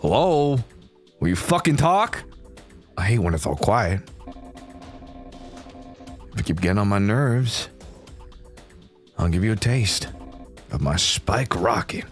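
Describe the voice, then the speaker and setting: A man voicing a brash, cocky young male gang leader in his twenties, shouting and swaggering in a wobbly put-on Southern drawl. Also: on the low side, sing-song, takes it slowly, long pauses, soft background music. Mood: taunting. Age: 20s.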